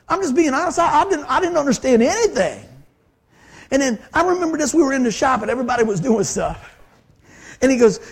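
A man preaching a sermon, telling stories in an animated way that swings from hushed to loud. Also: extremely high pitch, quick pace, husky.

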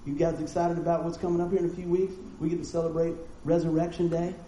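A man's voice: on the high side, flat delivery, quick pace, warm tone, a little hiss or hum. Folksy man preaching in an echoey hall. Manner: folksy, conversational preaching with rhetorical questions. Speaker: pastor. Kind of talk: sermon. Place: church hall with congregation. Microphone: live stream mic.

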